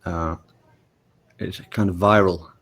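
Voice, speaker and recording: Low-voiced halting man from the UK. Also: steady tone, fairly bright tone, husky. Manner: halting, repeats words and swears casually. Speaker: conversation partner. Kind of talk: casual chat.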